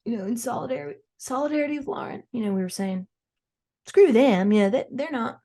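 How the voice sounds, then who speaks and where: A woman playing a frazzled, gossipy, well-off mom who hosts an improvised comedy podcast and rambles through animated stories with acted-out quotes. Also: a little high, quick pace. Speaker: podcast host character.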